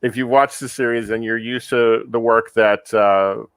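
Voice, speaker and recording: A man's voice: medium pitch, steady tone, moderate pace, a bit bright, clean tone, dry recording. A man hosting a casual movie review podcast, leading the talk and laughing easily. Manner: leads the discussion, laughs easily. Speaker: podcast host.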